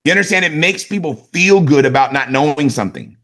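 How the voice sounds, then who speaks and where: A man giving an energetic motivational sales training, talking conversationally and often checking that his listeners follow him. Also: fairly high pitch, fast. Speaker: network marketing sales trainer.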